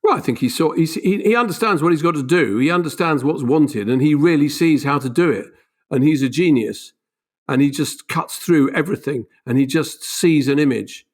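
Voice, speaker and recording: Animated man explaining with emphasis. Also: a little high, moderate pace. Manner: animated, emphatic, voice leaps up on key points. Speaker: author and podcast guest. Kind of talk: conversational explanation.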